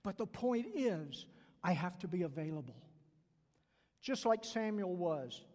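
The older Southern preacher, who stutters, delivers his sermon in a high, animated, slightly mellow voice at a measured pace. He earnestly repeats key phrases and voices the people he quotes, his words echoing with the long reverb of a large church sanctuary.

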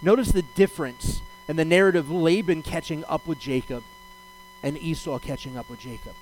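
A male rabbi preaches with a lively, swooping delivery and a fairly high voice. He talks in a conversational way, throws out rhetorical questions and acts out the voices of the characters. A faint hum sits under the recording. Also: moderate pace, poor audio. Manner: animated, acts out the voices of God and Jacob in paraphrase. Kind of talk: sermon.

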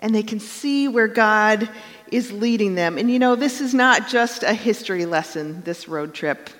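A woman's voice: medium pitch, expressive, normal speed, fairly bright tone, in a large hall, faint music behind. A woman pastor giving a conversational sermon and telling stories with acted quotes.

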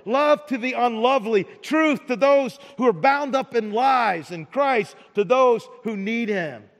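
A middle-aged man preaching a sermon as pastor, talking in a conversational way, often repeating words and tagging lines with "right?". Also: very high-pitched. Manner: conversational preaching with repetitions and tag questions. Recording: large hall reverb.

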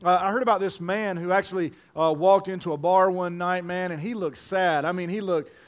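High-voiced preacher repeating himself. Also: male voice, fairly quick. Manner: animated, repeats phrases for emphasis, tells jokes. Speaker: pastor. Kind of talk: sermon.

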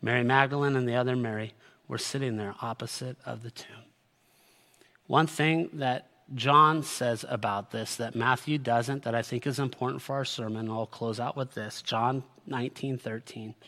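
A man preaching a sermon, reading scripture aloud and swinging from loud, rising exhortation to a hushed, slow close. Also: mid-range voice. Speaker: pastor.

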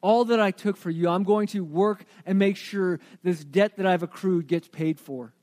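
A man's voice: high voice, moderate pace, darkish tone, pitched below the performer's own voice, close to an everyday voice. A man voicing a repentant young son rehearsing an earnest, pleading apology to his father.

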